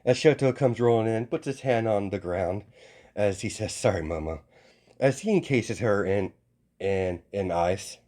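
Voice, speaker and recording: A man improvising a fan story as narration, halting often with restarts and self-corrections. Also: fairly low pitch, darkish tone.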